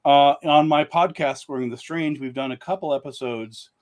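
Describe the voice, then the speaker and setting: A man's voice: on the high side, normal speed. A man speaking as a guest author in a casual live-stream chat, rambling with lots of "uh" fillers and restarts.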